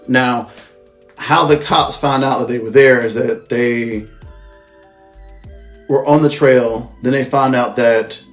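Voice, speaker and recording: Male reviewer with a mid-range voice for a casual, rambling plot recap, loose and profane, with faint music behind. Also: mid-range voice. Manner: rambling, profane, with frequent self-corrections. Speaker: movie reviewer.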